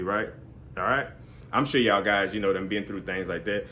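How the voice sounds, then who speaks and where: A man's voice: medium pitch, animated, fairly quick, fairly bright tone. A man giving casual advice in a rambling way, full of fillers. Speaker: vlogger.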